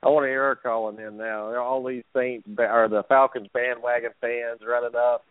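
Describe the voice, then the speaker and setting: A man's voice: mid-range voice, flat delivery, moderate pace, no echo. Guy ranting about football on a sports radio show, tinny phone-like sound, dry. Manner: ranting, laughs between jabs. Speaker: sports talk show host. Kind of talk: casual sports radio rant. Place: lives in Atlanta.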